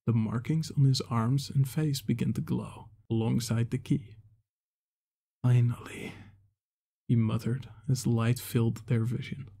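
Brief: male storyteller, gravelly, husky voice, measured reading. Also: medium pitch, warm tone. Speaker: fantasy author and narrator. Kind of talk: scripted narration.

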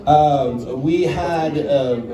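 Storytelling comedian in a roomy club. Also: male voice, fairly high pitch, drawn-out words, recorded from a distance. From Netherlands. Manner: chatty, acts out voices, talks to the crowd. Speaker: stand-up comedian. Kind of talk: storytelling stand-up. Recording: roomy club sound with crowd. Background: audience laughing.

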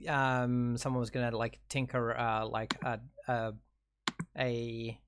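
A man narrating as game master, halting and full of fillers and restarts. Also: mid-range voice, level tone, background noise.

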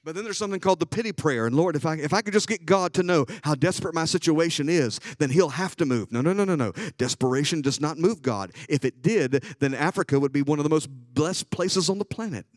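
A man preaching a sermon as a bishop, telling a story and swinging from hushed asides to loud, excited passages. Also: on the high side, quick pace, few pauses, no room sound, clean studio sound.

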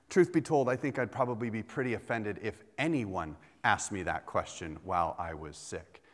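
Joking pastor in a reverberant church. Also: male voice, lowish voice, animated, moderate pace. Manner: self-deprecating humor, repeats words as he goes. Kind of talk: sermon. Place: church sanctuary. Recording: long reverb of a church hall.

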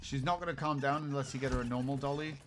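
A young man streaming a horror game with a friend, swearing and yelling when startled. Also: medium pitch, steady tone, racing, very noisy. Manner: swearing, yelling in sudden frights. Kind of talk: excited co-op game chat.

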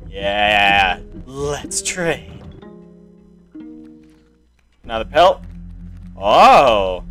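Excitable man narrating his gameplay. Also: on the low side, a little slow, soft background music. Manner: excitable, exclaiming, reads game text aloud. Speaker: gamer playing a card game on video. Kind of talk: casual let's-play commentary.

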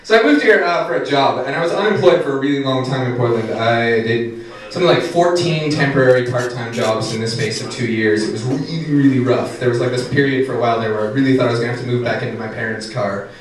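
A man performing a standup comedy set on a brewery stage, animated and jumping to high shouted voices for the punchlines. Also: fast talker, crowd noise. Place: brewery stage, live audience. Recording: echoey room recording from a distance, noisy.

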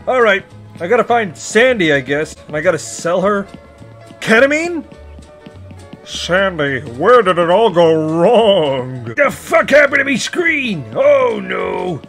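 A gruff, greedy old crab boss with salty, pirate-like growls and a high, bright voice that swoops wildly up and down. He narrates a video game in character and yells frantically, and faint music plays underneath. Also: sing-song, takes it slowly, exaggerated voice. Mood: panicked. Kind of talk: in-character gaming commentary.

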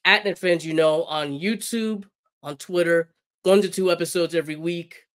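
Brief: hoarse male podcast host, easygoing, a bit higher voice. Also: steady tone, normal speed, a bit bright. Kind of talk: casual podcast chat.

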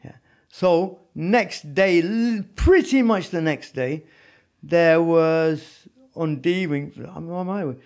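A man with a high voice tells his story as a podcast guest. He talks in an animated, casual way and keeps checking in with his listener. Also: takes it slowly. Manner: animated, peppered with "you know what I mean". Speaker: podcast guest, former prisoner.

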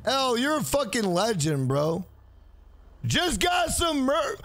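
A man streaming a video game live, swearing freely and loudly hyping up his donors. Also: very high-pitched, sing-song, unhurried. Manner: profane, hyped, shouts out donors. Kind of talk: live gameplay stream chat.

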